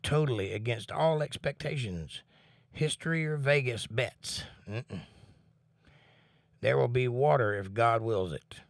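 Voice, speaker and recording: Hosting a casual livestream from home, a man talks earnestly about faith and reads out comments from the chat in a relaxed way. His medium-pitched voice is creaky and a little slow, captured in a dry, studio-quality recording.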